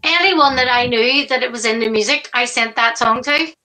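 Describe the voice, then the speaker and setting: A woman's voice: a little high, moderate pace, background noise. A woman co-hosting a live stream, chatting casually, swearing often and laughing easily. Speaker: co-host.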